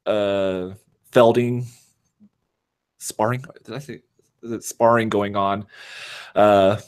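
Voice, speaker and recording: In a lowish voice with fairly even intonation, a man talks slowly as a podcast guest. He rambles in casual chat, using lots of fillers and making fun of himself.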